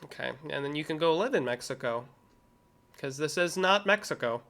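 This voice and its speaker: A man's voice: fairly high pitch, lively intonation, normal speed, creaky, noisy background. An American man hosting a livestream, reacting to clips with sarcastic, rambling commentary and profane asides. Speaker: livestream host reacting to videos. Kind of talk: casual commentary.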